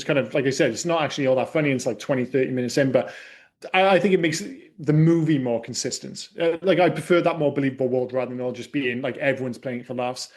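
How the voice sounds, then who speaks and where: A man hosting a casual film podcast, chatty and wry, swearing freely. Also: fairly high pitch. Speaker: podcast host.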